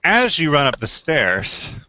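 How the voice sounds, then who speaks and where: A man's voice: fairly high pitch, wildly swooping pitch, measured pace, bright, forceful tone, dry recording. A man narrating as game master of a tabletop game, casual and hesitant. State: talking with food in his mouth. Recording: dull lo-fi recording.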